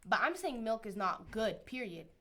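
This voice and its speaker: A woman's voice: on the high side, sing-song, normal speed, pushed and bright. A teenage girl in a casual student podcast debate, sassy and dismissive. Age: teens.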